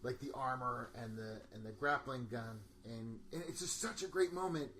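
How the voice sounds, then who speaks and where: A man co-hosting a casual podcast, rambling excitedly about a film, often laughing and quoting lines from it. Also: mid-range voice, moderate pace, few pauses, a little hiss or hum. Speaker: podcast co-host. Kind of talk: casual movie discussion.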